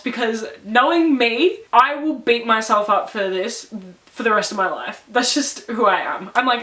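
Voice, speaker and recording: A woman's voice: a little high, animated, normal speed, sharp tone, recorded from a distance. A young Australian woman telling a story to camera in a casual vlog, chatty and emotional, laughing often and swearing now and then. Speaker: vlogger. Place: her bedroom, indoors. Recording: echoey room, camera set back.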